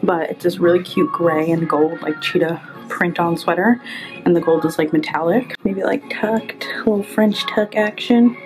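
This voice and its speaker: A chatty young woman with a lowish voice gives blunt, candid takes on clothes she is trying on in a store fitting room. She talks casually to her camera. Music plays clearly underneath. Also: fairly even intonation, moderate pace, poor audio. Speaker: fashion vlogger. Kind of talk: casual try-on haul chat. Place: store fitting room, later inside a car. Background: background music.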